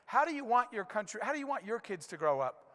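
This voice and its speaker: Middle-aged male keynote speaker, high-pitched, energetic storyteller, reverberant hall sound. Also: fast talker. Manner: energetic storytelling, rhetorical questions. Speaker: conference speaker. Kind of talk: keynote speech. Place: large conference hall.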